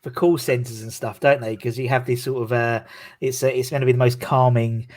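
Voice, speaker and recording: A man's voice: medium pitch, flat delivery, fairly quick, a little mellow. A man hosting a podcast, chatting in an easygoing, agreeable way. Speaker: podcast host. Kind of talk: casual chat.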